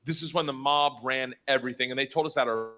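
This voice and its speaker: A man's voice: mid-range voice, steady tone, fast talker. A man in his fifties, a stand-up comedian telling a story on stage. He swears freely and laughs through his lines. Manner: loud, profane, laughing storytelling.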